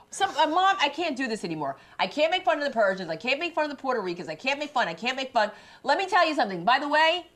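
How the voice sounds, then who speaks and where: A woman co-hosting a comedic chat show, ranting in an animated, joking way. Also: high-pitched. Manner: animated, ranting, quick laughs. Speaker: co-host.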